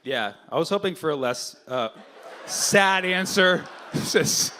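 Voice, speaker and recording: A man's voice: a little high, animated, a little slow, background noise. A man doing stand-up crowd work at a live comedy show, bantering brashly and profanely with the audience.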